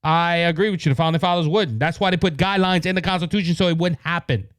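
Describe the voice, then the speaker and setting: Fired-up Cajun man, high clear voice. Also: fast talker, dry recording. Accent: Cajun Louisiana. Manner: heated, repetitive, rising to exasperation. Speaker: podcast host. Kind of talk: political commentary podcast.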